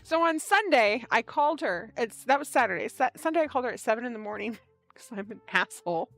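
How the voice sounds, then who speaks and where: A woman's voice: fairly high pitch, fast, soft background music. A woman hosting a knitting livestream, chatting casually and telling stories with lots of laughter. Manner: animated storyteller, laughing often.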